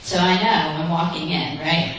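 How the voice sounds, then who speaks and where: A woman's voice: on the low side, little pitch movement, normal speed, fairly bright tone, slight background noise. A woman sharing her own recovery story at a meeting in a conversational way, with many fillers. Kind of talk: personal recovery testimony. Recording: very echoey room, from a distance.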